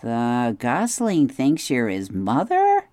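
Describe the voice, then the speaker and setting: A man's voice: mid-range voice, huge pitch swings, dry recording. Man voicing a shy little beaver boy. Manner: soft, quiet, slow. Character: quiet shy young male beaver son.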